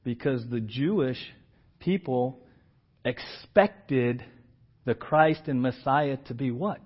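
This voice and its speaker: A man preaching a sermon as pastor. He acts out the scripture voices with big jumps in pitch and loudness and keeps asking his congregation "right?". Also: takes it slowly. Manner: animated, acts out quoted lines with big swings in pitch and volume; asks the congregation questions and often checks in with "right?". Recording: dull lo-fi church audio.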